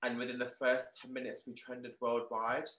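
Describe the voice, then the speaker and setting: Bright-voiced excitable man. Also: mid-range voice, moderate pace. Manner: excitable, peppered with "like", animated retelling. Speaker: guest, clothing shop owner. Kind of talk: casual storytelling in an interview. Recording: roomy echo.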